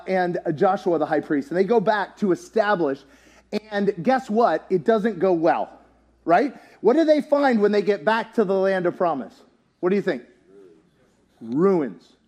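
A man preaching a sermon in a church, animated and joking, rising to shouts at his peaks. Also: high-pitched. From US, town near country. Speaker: pastor.

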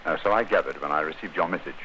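A man playing a clever, assured detective who speaks crisply, in 1940s radio acting style. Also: a bass voice, rapid-fire, sharp tone, slight background noise, low-quality recording. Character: clever, dryly amused male detective.

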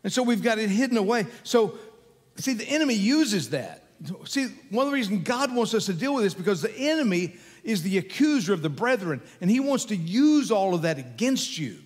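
A man's voice: sits high, sing-song, fairly quick, big-room sound. An older man preaching a sermon as a pastor, folksy and conversational, telling stories with chuckles.

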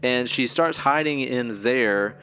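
A man's voice: medium pitch, slow, sharp tone, slight background noise. A man casually recapping a horror film on a podcast, rambling and swearing freely. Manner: profane, rambling storyteller. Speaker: podcast co-host. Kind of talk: casual movie recap chat.

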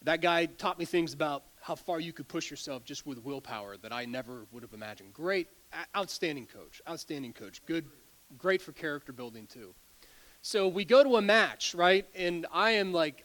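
A man's voice: sits high, fairly bright tone. A man in his forties preaching a sermon as a pastor, telling stories animatedly, often stumbling over and repeating words and laughing.

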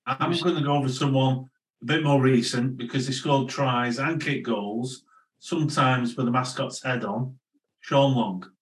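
A man's voice: medium pitch, unhurried, poor audio. A man in casual podcast chat, cracking dry jokes between guesses.

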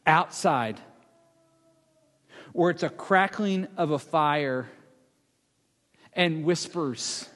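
A man preaching a sermon, retelling a Bible story dramatically, acting out the speakers and dropping to a hush for emphasis. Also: a little high, very slow, long pauses. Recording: long hall reverb.

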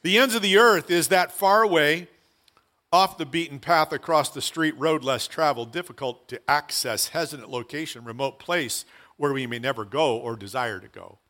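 A man preaching a sermon as pastor, earnest and conversational with animated asides. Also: fairly high pitch, moderate pace.

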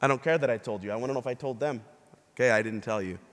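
Bishop preaching in a reverberant church. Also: male voice, medium pitch, rapid-fire, a bit bright. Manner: storytelling, acting out quoted people. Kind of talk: sermon. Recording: long reverb of a large hall.

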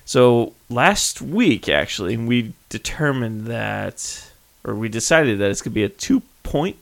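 A man hosting a casual podcast, talking quickly and insistently and laughing easily. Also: mid-range voice, very animated, creaky. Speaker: podcast host.

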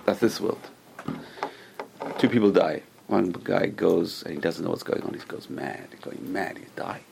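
A man's voice: low-pitched, moderate pace, vocal fry, a little mellow, slight background noise. A man teaching a religious class to a group, telling stories with restarts and acted-out quotes. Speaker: Torah teacher.

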